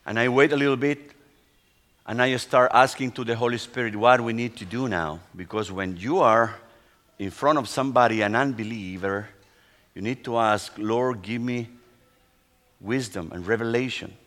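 A middle-aged man, a pastor whose first language is Spanish, tells a testimony in a sermon in halting English full of restarts. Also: medium pitch, fairly bright tone. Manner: non-native English, halting storytelling with restarts.

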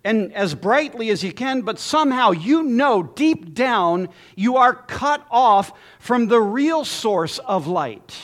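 A man preaching a sermon as pastor, emphatic with dramatic pauses and lists. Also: very high voice, lively intonation, fairly bright tone.

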